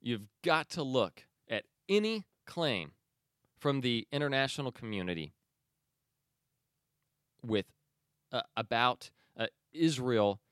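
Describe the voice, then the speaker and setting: Guy doing a news commentary podcast, sarcastic and opinionated, lots of uhs, smooth voice. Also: medium pitch, no room sound, clean studio sound. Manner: opinionated, sarcastic, with many fillers and restarts. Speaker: podcast host.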